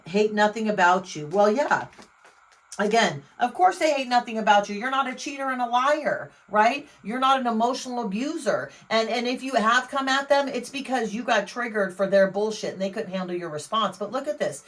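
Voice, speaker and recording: A woman doing a casual tarot reading, speaking bluntly and emphatically to the viewer. She swears freely, exclaims often and swings her loudness up and down. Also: on the high side, moderate pace, rough recording. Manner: blunt, emphatic, profane, talks straight to the viewer. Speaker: tarot reader.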